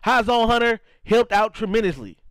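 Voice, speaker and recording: Animated and high-pitched at a normal speed, with a slightly bright tone, a young streamer from St. Louis, Missouri, comments loosely on his live game. He reacts to chat, repeats himself, and says "you know what I'm saying" often, in a rough recording with no echo.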